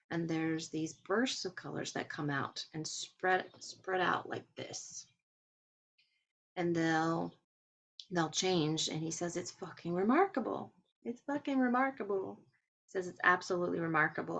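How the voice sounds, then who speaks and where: A woman's voice: fairly low pitch, creaky. A woman casually retelling a recorded talk, quoting the speaker and adding her own asides. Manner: paraphrases and quotes another speaker, with asides. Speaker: transcriber retelling a webinar.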